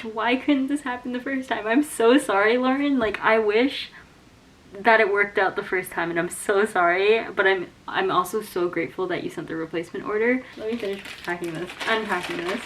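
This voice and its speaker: A young woman vlogging a book unboxing, gushing and emotional, jumping from excited squeals to hushed whispers. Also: fairly high pitch, normal speed, slight background noise. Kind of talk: casual unboxing vlog. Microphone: camera mic.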